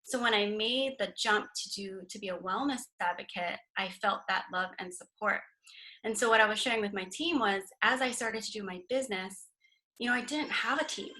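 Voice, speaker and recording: A woman's voice: mid-range voice, normal speed, sharp tone, poor audio. A young woman from Hawaii speaking as a guest on a team video call, nervous and close to tears as she talks. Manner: nervous, emotional, near tears. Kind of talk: casual team call talk.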